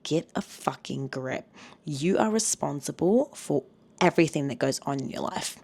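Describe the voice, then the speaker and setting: A woman's voice: animated, normal speed, a little mellow. A young woman vlogger ranting to camera, blunt and profane, heated and worked up. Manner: mocks whiny voices in a high pitch.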